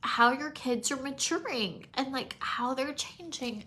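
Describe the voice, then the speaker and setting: A woman around forty, teary and emotional, rambling casually while doing her makeup at home and sometimes dropping to soft near-whispers. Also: sits high, a little slow. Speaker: makeup vlogger.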